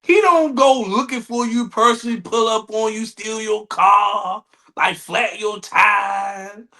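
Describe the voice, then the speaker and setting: A man's voice: high voice, takes it slowly, bright, forceful tone. A man co-hosting a podcast, laughing often and riffing in loose slang. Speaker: podcast co-host. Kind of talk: casual podcast banter.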